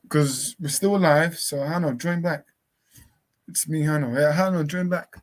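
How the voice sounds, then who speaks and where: A man co-hosting a live stream in casual talk, calling out to a missing co-host and spelling out a link slowly. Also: a little high, a bit bright. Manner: calls out repeatedly, spells slowly. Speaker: livestream co-host.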